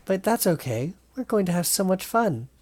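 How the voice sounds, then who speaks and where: A man's voice: high-pitched, sing-song, moderate pace. A man reading game dialogue aloud, voicing a creepy, cheerful woman dance teacher who turns out to be a villain, in a sing-song, menacing way. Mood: sweetly menacing. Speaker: let's play reader voicing game characters. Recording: loud game music behind.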